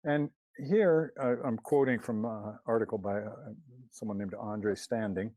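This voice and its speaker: A man's voice: on the low side, unhurried, mellow, dry recording. A man presenting a talk over his slides, hesitant with many fillers and restarts, questioning and critical of what he quotes.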